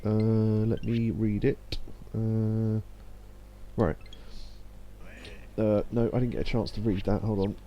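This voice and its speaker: A man's voice: fairly low pitch, steady tone, takes it slowly, vocal fry, muffled recording, a little hiss or hum. A young man casually commenting while streaming a game, chatty and laughing often as he reads game text aloud. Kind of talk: casual let's-play commentary.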